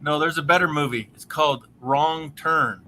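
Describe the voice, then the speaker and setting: A man hosting a casual chat, joking and quick to chime in. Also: on the high side, bright, forceful tone.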